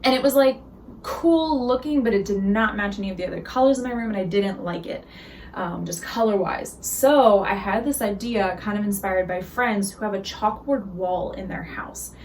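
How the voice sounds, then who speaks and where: A young woman chats her way through a tour of her own bedroom, upbeat and full of filler words. Her voice sits in a middle pitch, picked up by a camera mic in the room. A faint hiss sits under the recording. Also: moderate pace, darkish tone. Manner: chatty, upbeat, many "um"s and "like"s. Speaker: vlogger giving a room tour. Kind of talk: casual chat to camera.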